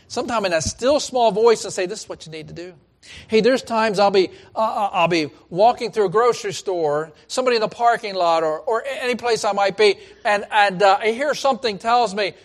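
Male pastor, slightly high voice, animated sermon delivery with loud-soft swings and repeated phrases. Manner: animated preaching, swings from loud emphasis to hushed asides; repeats phrases, frequent restarts.

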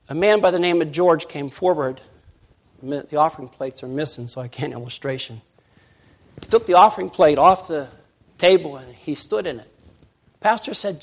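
An older man preaching a sermon as pastor, dropping to soft murmurs and rising to loud shouts. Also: a little high, vocal fry, husky.

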